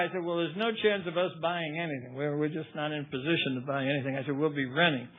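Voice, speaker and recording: An older man tells his recovery story at a meeting. He keeps a wry, conversational tone, and his voice sits a little high. The recording is thin and tinny, like a phone line. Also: normal speed, slight background noise. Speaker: AA speaker.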